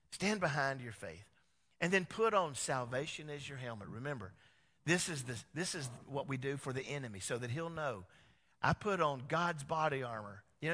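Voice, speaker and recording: A male pastor preaching a sermon, animated, with many rhetorical questions to the congregation. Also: a little high. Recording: long hall reverb.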